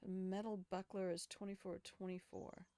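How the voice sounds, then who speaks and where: A woman's voice: medium pitch, little pitch movement, normal speed, dark tone, clean tone, no echo. An older woman streaming a video game, chatting casually, thinking aloud and swearing freely. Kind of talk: casual gaming commentary.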